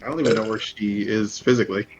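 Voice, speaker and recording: A man's voice: fairly low pitch, steady tone, slight background noise. A man playing a tabletop game, joking around and talking through his moves. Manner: jokey, quick to laugh. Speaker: player. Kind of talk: casual tabletop play. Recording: slightly dull lo-fi audio.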